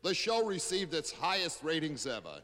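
1960s radio reporter, lively announcer voice, roomy reverb. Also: male voice, fairly high pitch. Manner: brisk, formal announcer delivery. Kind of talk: vintage radio news narration.

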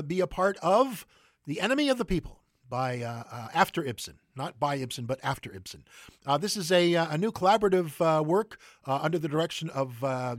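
A man hosting theater announcements, stumbling through with fillers and self-corrections. His voice sits a little high, and it is recorded close to the mic, dry and without room sound. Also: dry recording. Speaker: theater news host. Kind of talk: casual radio announcements.

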